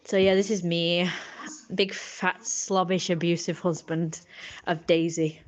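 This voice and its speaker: A woman's voice: lowish voice, level tone, unhurried. A woman, rambling casually in a vlog, swearing and chatty. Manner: swearing, chatty, laughing at own jokes. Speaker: vlogger.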